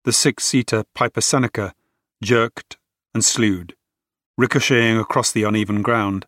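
A man narrating an audiobook in a measured, dramatic way. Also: on the low side, steady tone, a bit bright, no echo, studio quality.

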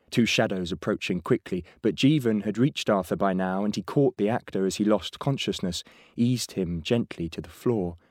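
Male audiobook narrator, very deep voice, steady measured read, dry booth sound. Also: no room sound.

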